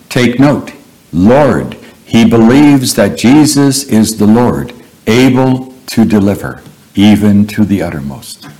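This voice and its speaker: A man preaching in a fairly low voice, taking his time over every phrase. His delivery is earnest and measured as he retells Bible stories in a sermon. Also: animated, darkish tone, rough recording.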